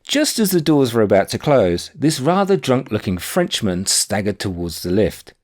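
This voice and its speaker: A man reading his own book aloud, telling a personal anecdote in a wry, animated way. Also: on the low side, normal speed. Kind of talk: audiobook narration of a personal anecdote.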